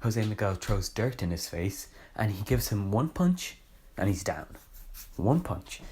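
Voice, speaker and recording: A man's voice: lowish voice, a little mellow, slight background noise. A young man casually reviewing a book, rambling and sarcastic, often correcting himself mid-sentence.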